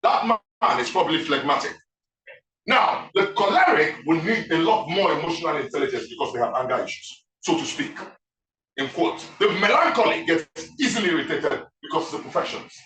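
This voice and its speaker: A man speaking as guest author to a live audience, animated and constantly asking the room questions. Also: a little high, fairly quick, slight background noise. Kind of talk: interactive talk to a live audience. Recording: echoey room, voice from a distance.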